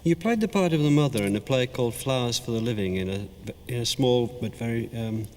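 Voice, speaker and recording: Male documentary interviewer, brisk, faint ambience. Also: medium pitch, lively intonation, darkish tone, slight background noise. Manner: probing, measured questions.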